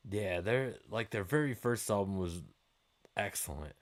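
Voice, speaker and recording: A man's voice: lowish voice, a little slow. A man in his forties hosting a gaming live stream, chatting with viewers in a rambling, laid-back way and swearing freely.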